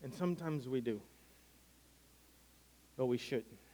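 A man's voice: mid-range voice, a little slow, warm tone. A man preaching a sermon in an earnest, conversational way, often restarting his phrases. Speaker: pastor.

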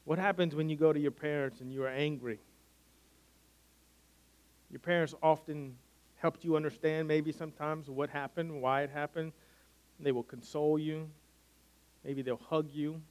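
A man preaches earnestly and conversationally as a pastor, his phrases often starting over. His voice is on the high side and a little mellow.

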